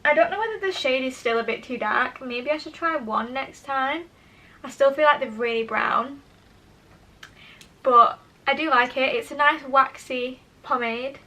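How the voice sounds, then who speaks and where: A woman's voice: high voice, measured pace, pushed and bright. A young woman chatting to camera while testing make-up, enthusiastic and self-deprecating. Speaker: beauty vlogger. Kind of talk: casual make-up tutorial chat. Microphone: camera mic, talking to camera.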